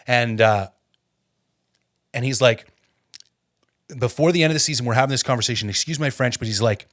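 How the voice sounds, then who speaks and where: A man from Canada hosting a podcast, telling a personal story in a casual, animated way and getting fired up, with many filler words. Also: mid-range voice, brisk, pauses often. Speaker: podcast host.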